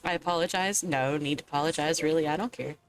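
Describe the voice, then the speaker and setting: A woman's voice: low-pitched, fast talker, faint music behind. A woman from Southwest Virginia with a Southwest Virginian accent, chatting casually on a stream, swearing and laughing often.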